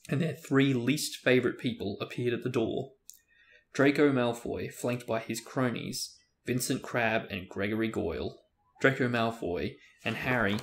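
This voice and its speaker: A man hosting a show, reading a novel aloud in steady narration with occasional stumbles. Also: mid-range voice. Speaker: host reading a book aloud. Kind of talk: book reading with character voices.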